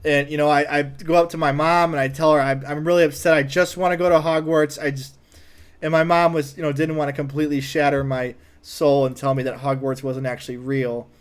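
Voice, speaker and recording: A man telling a comedic personal story, animated, acting out other people's lines in a raised voice. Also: on the high side, a little fast. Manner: animated, acts out quotes in a raised voice.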